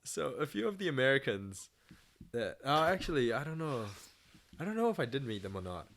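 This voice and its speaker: A young New Zealand man talks loosely in a podcast chat, throwing in quick reactions between longer thoughts. His pitch moves up and down a lot. It sits at an ordinary level for a man. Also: big pitch swings, fairly bright tone. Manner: laid-back co-host, chimes in with short reactions and laughs.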